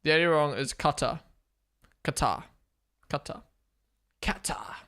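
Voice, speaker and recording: Bright-voiced excitable young man. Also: a little high, a little slow. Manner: excitable, swears, thinks aloud. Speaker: streamer hosting a race watchalong. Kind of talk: casual live commentary.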